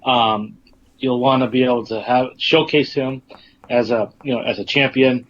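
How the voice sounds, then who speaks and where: A man co-hosting a casual sports and wrestling podcast. He talks in a measured, unhurried way, filling his pauses with ums. His voice comes through a muffled remote connection with light background noise. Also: mid-range voice, fairly even intonation, a bit bright. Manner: measured, with many fillers. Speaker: podcast co-host.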